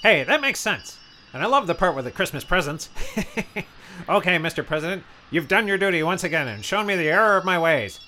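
Guy doing a giddy rich tycoon, high bouncy voice, bright tone, soft music under. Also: big pitch swings, a little hiss or hum, heavily acted. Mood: cheery. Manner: gleeful, chirpy, quick to laugh. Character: chipper rich miserly male tycoon. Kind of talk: comedy radio-play acting.

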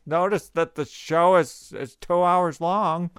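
A man's voice: high voice, steady tone, slow, fairly bright tone, clean tone, dry recording. A man co-hosting a casual comedy podcast, rambling and repeating words as he banters. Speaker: podcast co-host.

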